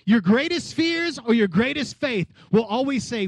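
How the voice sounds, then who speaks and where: A man preaching a lively sermon as pastor, calling on the congregation to answer back and acting out the voices of people in the story. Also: extremely high pitch, moderate pace, hardly any pauses, dry recording. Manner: energetic preaching with call-and-response.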